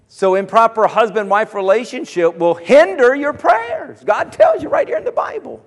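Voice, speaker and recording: High-voiced man preaching in a hall. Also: big pitch swings, moderate pace, few pauses. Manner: preachy, rising to emphatic calls and repetition. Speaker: pastor. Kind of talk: sermon. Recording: hall reverb.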